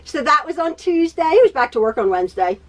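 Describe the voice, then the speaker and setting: A woman's voice: high-pitched, sing-song, quick pace. A woman hosting a quilting video from her home sewing room, chatting in a rambling way, often laughing, repeating herself and stuttering. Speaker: quilting tutorial host. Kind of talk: chatty personal catch-up.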